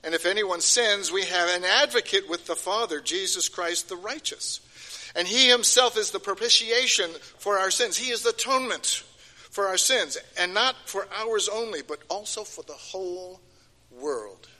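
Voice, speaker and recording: A man's voice: high voice, normal speed, bright, forceful tone. An older man giving a sermon, emphatic and repeating key phrases, his voice rising and falling. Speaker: preacher. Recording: long hall reverb.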